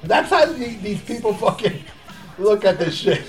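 Sarcastic high-voiced man, crude chat. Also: very animated, unhurried, faint music behind. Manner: sarcastic, swearing, laughing often. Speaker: podcast host reviewing albums.

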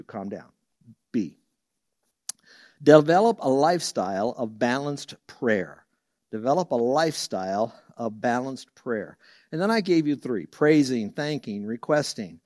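Animated preacher man in a dry room. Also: no room sound. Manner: lively storyteller who jumps high and loud for quoted voices; drops soft and low for reverent verses. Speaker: pastor and Bible teacher. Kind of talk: sermon.

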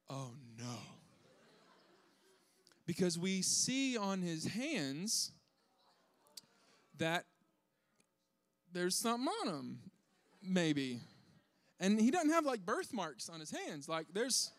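A young man telling a funny family story to an audience, animated and self-deprecating, acting out his kids' voices. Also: sits high, measured pace, long pauses, no room sound.

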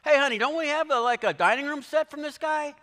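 Man putting on a high, scoffing hometown gossip guy, sing-song, echoey hall. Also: fast talker, sharp tone. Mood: mocking. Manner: incredulous, mocking, sing-song. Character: nosy gossiping small-town neighbor man. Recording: long hall reverb.

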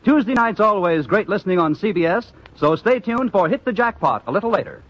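A male radio announcer reading a scripted promotional announcement in a smooth, promotional delivery. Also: sits high, animated, a little fast. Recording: dull lo-fi old radio recording.

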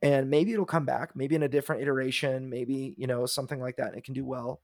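A man's voice: medium pitch, fairly even intonation, fast, no room sound, studio quality. A man co-hosting a podcast in casual chat, wry and blunt, firing off rhetorical questions. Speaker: podcast co-host.

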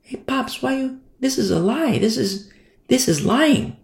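A man putting on the voice of a young daughter questioning her parents, high and soft. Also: lively intonation, a little slow, gravelly, full character voice. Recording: echoey room.

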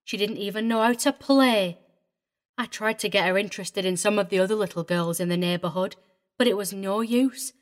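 A woman's voice: mid-range voice, a little fast, close to an everyday voice. A woman voicing a prim, tearful middle-aged governess in a dramatized audiobook reading, agitated and wavering. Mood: vehement, tearful.

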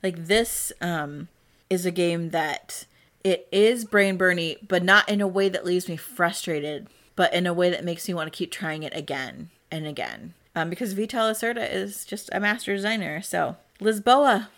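A woman's voice: lowish voice, moderate pace, a bit bright. A woman co-hosting a podcast in casual chat, chatty and rambling, laughing often. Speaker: podcast co-host.

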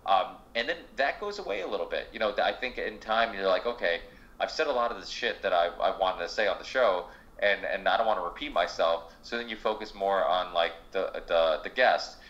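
Deep-voiced guy hosting a podcast, rambles on and swears a lot, kinda dull lo-fi sound. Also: lively intonation, brisk, a bit bright. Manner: rambling, swears freely, lots of restarts. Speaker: podcast host. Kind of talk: casual interview chat.

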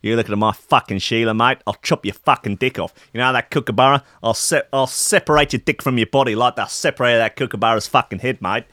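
A man's voice: medium pitch, quick pace, few pauses, bright, forceful tone, no room sound, clean studio sound, close to an everyday voice. A man mocking a crude, threatening Australian bloke. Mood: menacing. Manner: aggressive, profane threats.

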